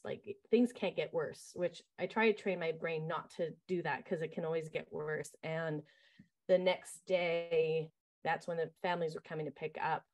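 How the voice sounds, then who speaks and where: Casting note: camp director, woman, fairly low voice, chatty and animated, telling camp stories with lots of ums. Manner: lively, acts out quoted voices, many fillers. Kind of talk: casual interview storytelling.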